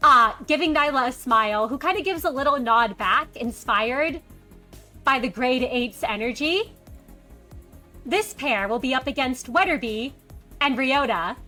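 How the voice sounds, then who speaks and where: A woman running a tabletop role-playing game as game master, narrating lively and jumping into characters' lines. Her voice is high and bright, with faint music underneath.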